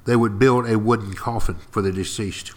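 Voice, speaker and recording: A man's voice: on the low side, steady tone, moderate pace. A man giving a podcast history lecture as a folksy, dramatic storyteller who keeps turning to speak directly to his listeners.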